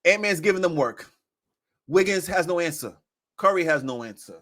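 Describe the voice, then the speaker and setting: A man on a podcast in casual chat about basketball, animated and repeating phrases for emphasis. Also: a little high, moderate pace.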